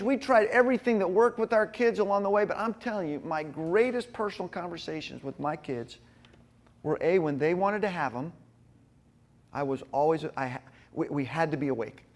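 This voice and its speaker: Higher-pitched guy telling folksy stories at a men's group, animated, sermon-ish. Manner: folksy, animated storytelling with frequent asides to the group. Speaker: speaker at a men's ministry gathering. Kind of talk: sermon-style talk with personal stories.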